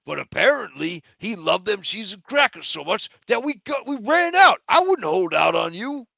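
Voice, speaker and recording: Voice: mid-range voice, sing-song, moderate pace, vocal fry, a bit bright, dry recording, highs cut off, pitched above the performer's own voice, full character voice. A game master voicing a shaken male head chef who pleads and breaks down crying. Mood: distraught.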